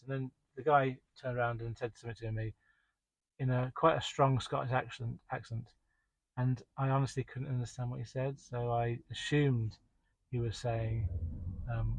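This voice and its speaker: A man's voice: medium pitch, normal speed, fairly bright tone, dry recording, poor audio. A man working as a delivery driver tells the story of his day in a rambling, exasperated way, full of restarts and "um"s. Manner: exasperated, complaining. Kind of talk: casual spoken diary.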